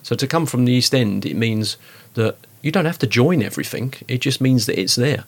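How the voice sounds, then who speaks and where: A man in a relaxed discussion, talking in an animated, rambling way with lots of fillers. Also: mid-range voice, brisk, gravelly, breathy edge. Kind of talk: conversational discussion.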